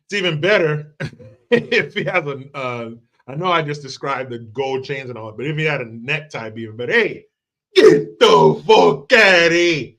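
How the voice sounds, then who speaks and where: A man's voice: medium pitch, brisk, bright, forceful tone. A man hosting a livestream, talking casually and profanely and laughing often. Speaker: livestream host.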